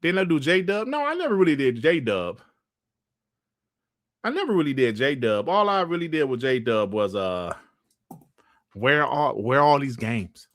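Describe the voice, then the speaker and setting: A man's voice: on the high side, big pitch swings, unhurried, long pauses, fairly bright tone, no echo. A man hosting a casual livestream chat, rambling in slang and laughing often into a close mic. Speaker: host.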